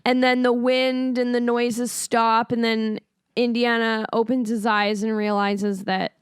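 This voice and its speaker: A woman with a Canadian accent co-hosting a podcast, chatty and agreeable, quick to laugh. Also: on the high side, level tone, clear, resonant tone, no echo, clean studio sound. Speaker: podcast co-host. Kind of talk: casual chat.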